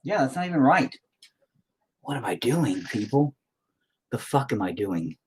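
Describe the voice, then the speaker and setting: Husky rambling Southern-tinged man. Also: medium pitch, big pitch swings, a little slow. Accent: rural Southern US. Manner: rambling, profane, self-mocking. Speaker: painting video host. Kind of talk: casual chat while painting.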